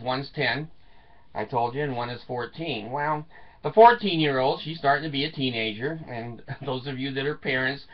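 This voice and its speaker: A man in his seventies telling rambling comic stories, chuckling often and swearing casually. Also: on the high side. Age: 70s. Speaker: storyteller. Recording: dull lo-fi sound, distant from the mic.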